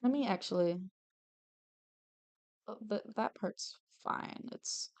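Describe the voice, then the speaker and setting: Speaking slowly in a medium-pitched, slightly mellow voice, a young adult woman draws commissioned art on stream and chats casually. She swears without restraint, raves about characters, and often drifts off mid-sentence.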